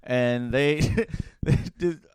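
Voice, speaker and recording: A man's voice: medium pitch, drawn-out words, a little mellow, clear, resonant tone, no echo, studio quality. A man co-hosting a podcast in casual chat, loose and joking, swearing freely and acting out little bits. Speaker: podcast co-host.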